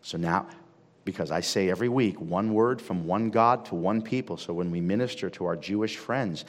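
A male pastor preaching a sermon dramatically, dropping to hushed tones and then building to loud, emphatic peaks. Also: deep voice, moderate pace. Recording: reverberant hall.

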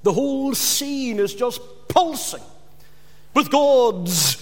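A man delivers a sermon in a high, ringing voice, pressing hard on repeated words. His voice carries a long reverberation, as in a church or hall. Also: big pitch swings, slow pace. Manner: emphatic, rising to loud repeated stresses. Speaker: preacher.

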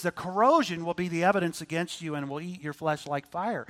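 A man preaching a sermon, moving between loud emphatic lines and quiet asides. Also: fairly high pitch, fairly quick, hardly any pauses.

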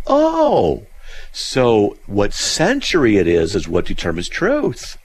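Gravelly low-voiced guy hosting radio, sarcastic, swings up and down a lot, bit of hiss behind. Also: slow. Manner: sarcastic, mocking, animated with sudden pitch jumps. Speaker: radio show host. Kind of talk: reading and mocking listener mail on radio.

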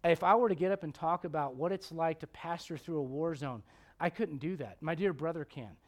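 A man preaching a sermon as pastor, conversational with jokes, swinging from loud emphatic peaks to hushed low passages. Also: a little fast.

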